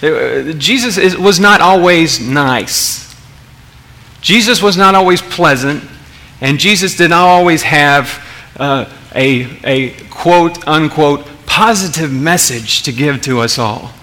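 Bright-voiced conversational preacher. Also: male voice, fairly high pitch, lively intonation, takes it slowly. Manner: conversational, many restarts, asks the audience questions. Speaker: pastor. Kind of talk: sermon.

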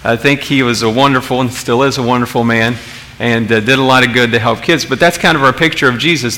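Bright-voiced conversational preacher. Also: male voice, medium pitch, brisk, slight background noise. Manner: conversational, many restarts, asks the audience questions. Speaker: pastor. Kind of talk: sermon.

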